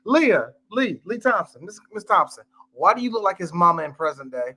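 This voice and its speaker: A man co-hosting a casual movie podcast, animated, joking and full of slang. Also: high-pitched, moderate pace. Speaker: podcast co-host. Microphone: live stream mic.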